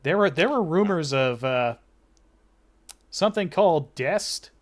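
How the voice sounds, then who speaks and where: Man running a tabletop game. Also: on the high side. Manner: relaxed, halting narration with fillers. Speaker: game master.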